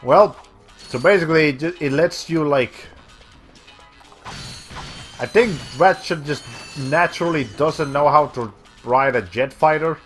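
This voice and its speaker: A man streaming a video game in a medium-pitched voice that is going hoarse as he loses it. He rambles and thinks aloud between moves and swears casually. Game music plays faintly behind him. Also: a bit bright. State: losing his voice. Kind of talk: casual let's-play commentary.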